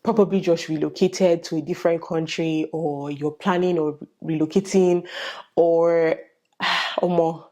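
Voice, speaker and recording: Animated Nigerian woman vlogging. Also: low-pitched, unhurried, lo-fi sound. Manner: animated storytelling with lively quoted voices and Pidgin asides. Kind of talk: casual vlog chat.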